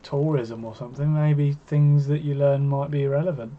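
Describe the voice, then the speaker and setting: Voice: medium pitch, level tone, moderate pace. A co-host on a live watch-along, chatting casually with dry, joking asides. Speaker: co-host and darts pundit. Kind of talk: casual chat. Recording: slightly muffled stream audio.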